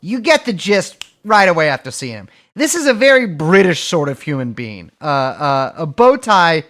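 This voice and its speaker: A man's voice: on the high side, very animated, normal speed, a bit bright. A man co-hosting a podcast, talking casually with a sardonic, swearing edge. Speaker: podcast co-host.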